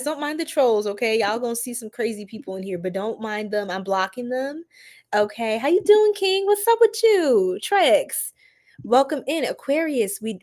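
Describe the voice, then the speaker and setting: A young adult woman hosting a tarot reading livestream, chatting casually with viewers in an animated, slangy way and laughing often. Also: mid-range voice. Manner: animated, laughing, preachy slang-filled asides. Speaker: tarot reader livestream host.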